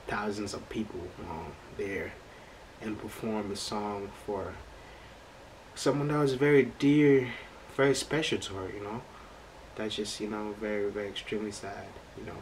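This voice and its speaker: A man's voice: fairly low pitch, moderate pace, slight background noise, poor audio. Emphatic slangy man reacting. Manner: slangy, emphatic, repeats phrases. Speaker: reaction video host. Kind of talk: casual reaction commentary.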